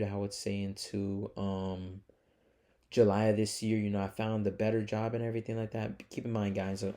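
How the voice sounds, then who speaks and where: A young man speaking to camera in a casual confessional vlog, with a gravelly, low and mellow voice that stays fairly flat. He rambles, restarts and keeps calling his viewers "guys" and "man". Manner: rambling, filler-heavy, earnest; calls the audience "guys" and "man". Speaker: trading vlogger.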